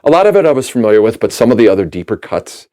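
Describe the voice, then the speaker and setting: A man from Minnesota, a musician guest on a podcast, telling a story with lively acted-out dialogue. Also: on the low side, rapid-fire. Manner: animated storyteller acting out quoted dialogue.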